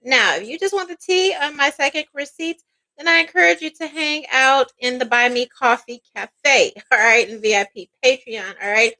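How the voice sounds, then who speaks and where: High bright-voiced woman tarot reader. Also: moderate pace, low-quality recording. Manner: chatty, peppered with "all right" and "okay". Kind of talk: casual tarot reading to camera.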